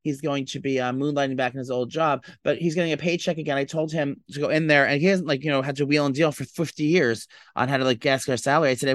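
A man's voice: medium pitch, fairly even intonation, fairly bright tone, no echo. A man co-hosting a podcast, chatting casually in a gossipy, dramatic way. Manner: gossipy, dramatic, quick-talking. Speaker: podcast co-host. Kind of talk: casual chat.

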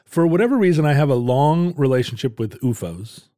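A man's voice: medium pitch, lively intonation, a little fast, warm tone. A man co-hosting a casual comedic chat, a rambling storyteller who laughs often. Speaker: podcast co-host.

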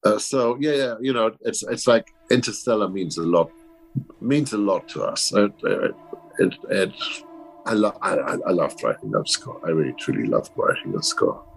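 A man speaking as a guest composer in an interview, halting and self-effacing, with many restarts and repeated words. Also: fairly low pitch, animated, gravelly, faint music behind. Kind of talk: conversational interview.

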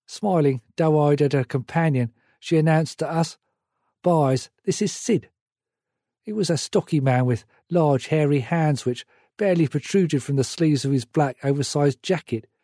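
Mellow, reflective male narrator. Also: a little high, moderate pace, dry recording, clean studio sound. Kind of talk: audiobook memoir narration.

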